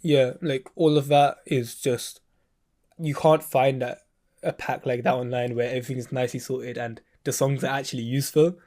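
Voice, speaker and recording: A man's voice: medium pitch, flat delivery, normal speed, darkish tone. Laid-back slangy man mentoring. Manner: laid-back, slangy, says bro a lot. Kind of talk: casual chat.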